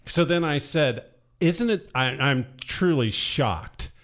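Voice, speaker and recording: A man's voice: medium pitch, slow, fairly bright tone. A middle-aged man co-hosting a podcast, telling a story in casual banter and laughing often. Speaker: podcast co-host.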